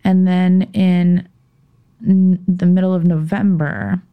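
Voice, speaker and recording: A woman guesting on a podcast recounts a personal story in conversation, speaking haltingly with restarts and pauses and dropping to a tense whisper when heated. Her voice is lowish and narrow with a level tone, and the audio is tinny.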